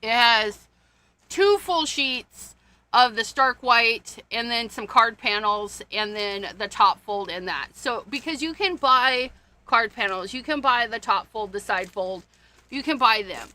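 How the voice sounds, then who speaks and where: Rummaging through her paper and supplies, a woman hosts a laid-back card-making livestream and chats with her viewers, punctuated by frequent gasps and small laughs. Her fairly high voice is bright and forceful, with lively intonation and an unhurried pace.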